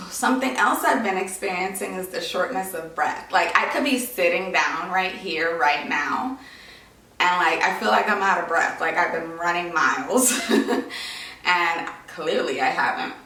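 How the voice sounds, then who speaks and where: A woman's voice: fairly low pitch, measured pace, bright, forceful tone. A young woman giving a casual vlog update, talking with lots of fillers and sounding a little short of breath. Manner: chatty, many "like" and "um" fillers. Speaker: vlogger. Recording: echoey room, voice a bit far from mic.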